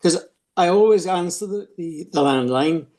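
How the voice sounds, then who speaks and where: An older man telling anecdotes in casual chat, halting and repeating words. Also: high-pitched, a little mellow. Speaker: regular of the group chat. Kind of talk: casual chat among friends.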